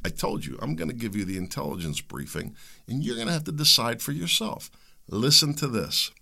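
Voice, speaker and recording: A man's voice: medium pitch, animated, fairly quick, gravelly, bright, forceful tone. A middle-aged man hosting a solo talk show, rambling, joking and opinionated in a conversational way. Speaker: podcast host.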